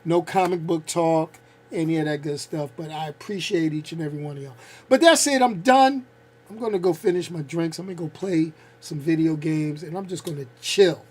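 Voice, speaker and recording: A man's voice: a little high, normal speed. A man in his fifties hosting a casual vlog, ranting bluntly with slang and frequent laughs. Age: 50s. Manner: animated, blunt, laughs a lot, uses slang. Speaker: channel host.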